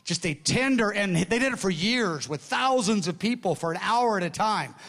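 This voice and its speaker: A man's voice: sits high, animated, normal speed, a bit bright. A man preaching a sermon-style teaching session, telling a story animatedly, acting out what others said and often restarting his sentences. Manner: frequent restarts and stammered repeats. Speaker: pastor.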